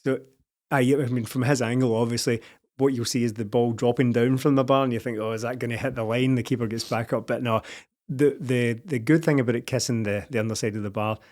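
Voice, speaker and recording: A man with a Scottish accent, co-hosting a casual football podcast, wry and quick to laugh. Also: medium pitch, fairly even intonation, a little mellow. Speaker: podcast co-host.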